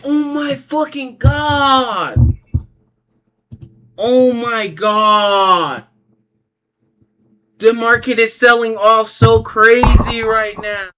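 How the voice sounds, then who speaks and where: Brief: young male gamer, high voice, loud and swearing, echoey room. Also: extremely slow, long pauses. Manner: loud, excitable, swears a lot. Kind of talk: excited gaming chat.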